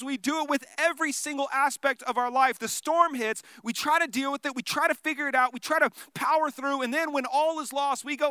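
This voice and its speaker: A man preaching a sermon, telling the story in an animated way and dropping to a hush for dramatic moments. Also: extremely high pitch, fairly quick, hardly any pauses, no echo. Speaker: pastor.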